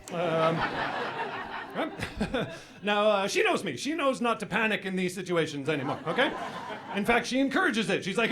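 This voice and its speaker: A middle-aged man from Canada doing a rambling, self-mocking stand-up set on a club stage, now and then bursting into shouted impressions. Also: high voice, big pitch swings, moderate pace, very noisy. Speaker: stand-up comedian. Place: comedy club stage with a live audience.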